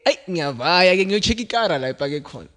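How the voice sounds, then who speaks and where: A young South African man hosting a podcast, telling a story in a relaxed, animated way and laughing often. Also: high voice, quick pace, a little hiss or hum. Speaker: podcast host. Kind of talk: casual storytelling chat.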